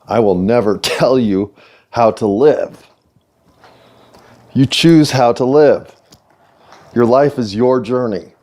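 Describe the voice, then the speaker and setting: Speaking in a mid-range voice with a dark tone, an American man reflects on his own solo podcast. His talk wanders philosophically and leans self-deprecating.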